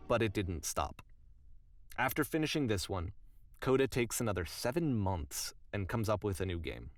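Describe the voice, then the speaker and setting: A man giving earnest, halting, confessional narration in a video game. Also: lowish voice, very animated, dry recording, faint music behind. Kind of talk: scripted narration.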